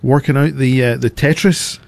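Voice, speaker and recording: A man's voice: medium pitch, fairly even intonation, normal speed, vocal fry, darkish tone, dry recording. A man co-hosting a casual talk show, reacting with short interjections and asides. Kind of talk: casual chat.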